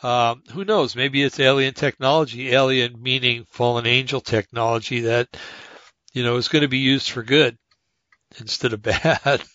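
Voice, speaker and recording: A man's voice: mid-range voice, steady tone, moderate pace, sharp tone, dry recording, dull audio. A man hosting a podcast, talking in a rambling casual monologue full of fillers and restarts as he reads articles aloud. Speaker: podcast host.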